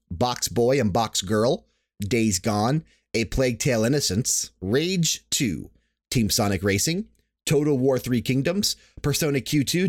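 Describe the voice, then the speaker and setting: A man's voice: medium pitch, no room sound, studio quality. A young man hosting a casual gaming podcast, talking in a chatty, rambling way and often restarting his sentences. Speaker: podcast host.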